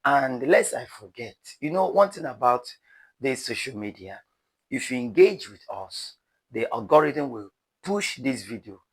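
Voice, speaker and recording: A man's voice: mid-range voice, very animated, a little slow, slightly rough. A man with a Nigerian accent giving dramatic, pleading commentary to his viewers as a news vlogger. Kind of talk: animated commentary to camera.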